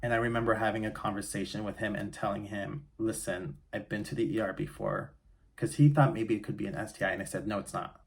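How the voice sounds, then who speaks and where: A man's voice: on the low side, steady tone, quick pace, gravelly. A man telling a painful personal story in a candid, casual way, full of fillers and restarts. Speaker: vlogger.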